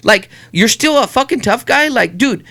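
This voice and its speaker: Middle-aged dude ranting on a podcast, high voice, cussing nonstop. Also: male voice, moderate pace. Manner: profane, animated storytelling, rants. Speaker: podcast co-host. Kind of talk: casual chat.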